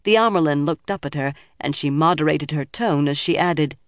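Audiobook narrator, calm steady fantasy reading, dead dry studio sound. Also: medium pitch, moderate pace, hardly any pauses, no echo.

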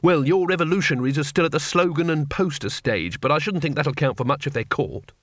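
A man's voice: on the high side, lively intonation, fairly quick, a bit bright, no echo. A man voicing a cowardly male wizard who talks in a dry, sarcastic, exasperated way.

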